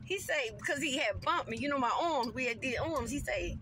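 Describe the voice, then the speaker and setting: A woman vlogging in a casual storytelling monologue, animated and slangy, talking straight to her viewers. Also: high-pitched, brisk, background noise.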